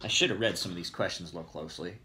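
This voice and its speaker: A man's voice: sits low, very fast, background noise. A middle-aged man with a rural American country accent, rambling casually through viewer questions. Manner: rambling, relaxed, self-correcting. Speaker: knife maker answering viewer questions. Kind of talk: casual Q&A video.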